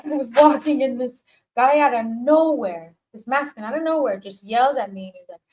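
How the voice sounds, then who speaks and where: A woman's voice: high-pitched, normal speed, poor audio. A woman talks through a live tarot reading in a loose, chatty way. She speaks straight to the viewer, laughs often, and repeats her encouragement. Now and then she drops a casual swear word. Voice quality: animated, laughs often, warm encouraging repetitions. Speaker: tarot reader.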